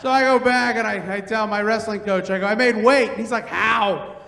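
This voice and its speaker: A middle-aged man performing a stand-up comedy set, telling loud, animated stories and acting out the quotes. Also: sits high, fairly quick, vocal fry, a little hiss or hum. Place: large theater stage. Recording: roomy theater with long reverb.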